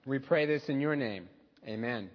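A man pastor delivering a sermon in a church, telling stories in a relaxed, conversational way with touches of humor. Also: mid-range voice, normal speed, big-room sound, lo-fi sound, slight background noise. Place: church sanctuary.

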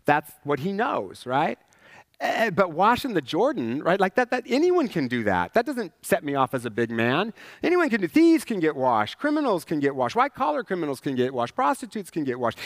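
A man's voice: a little high, no room sound. Conversational male pastor, dry close sound. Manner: conversational, asks "right?" often, acts out characters. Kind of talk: sermon.

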